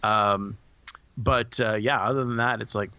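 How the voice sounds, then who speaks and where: A man's voice: on the low side, fairly even intonation, measured pace, pushed and bright. A man co-hosting a podcast, chatting casually about a film with hesitant starts and many fillers. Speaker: podcast co-host. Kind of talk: casual movie review chat.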